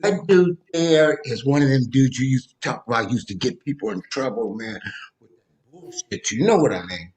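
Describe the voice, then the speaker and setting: A man's voice: mid-range voice, animated, normal speed, a little mellow. A man cutting in with insistent, casual slang to make his point.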